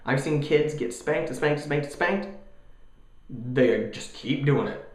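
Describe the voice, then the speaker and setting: A young man in his twenties ranting casually in a vlog, animated and jokey, mocking other people's voices. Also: on the high side, takes it slowly, echoey room. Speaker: vlogger.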